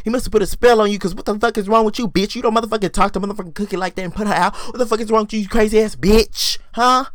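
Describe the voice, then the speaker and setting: A man giving a casual, profane, animated recap of a TV episode, acting out the scenes. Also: high voice, rapid-fire, hardly any pauses, no room sound. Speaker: TV recap commentator.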